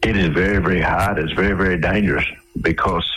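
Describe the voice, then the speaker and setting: A man's voice: low-pitched, steady tone, fast talker, fairly bright tone, breathy edge, rough recording. A man telling long, rambling anecdotes as a guest in a radio interview, often restarting his sentences.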